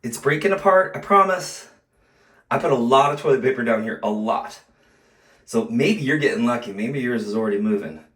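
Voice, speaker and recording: A man's voice: mid-range voice, fairly quick, far from the mic. A middle-aged man doing a how-to demonstration, reassuring and joking as he coaches the viewer, a little out of breath from the effort. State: out of breath from exertion. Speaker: home repair video host. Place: bathroom. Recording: echoey bathroom, voice off-mic.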